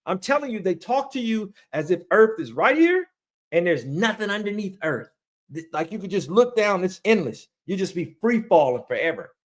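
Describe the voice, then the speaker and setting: A man ranting casually to his viewers, excitable and rambling, repeating himself, his voice cracking high when he gets worked up. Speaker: online ranter reviewing movies and shows.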